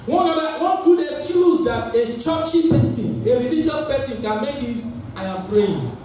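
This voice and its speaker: Animated male preacher in an echoey hall. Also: very high-pitched, normal speed, soft background music. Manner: energetic, call-and-response with congregation. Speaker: pastor. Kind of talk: sermon. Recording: echoey hall, voice from far off, faint noise.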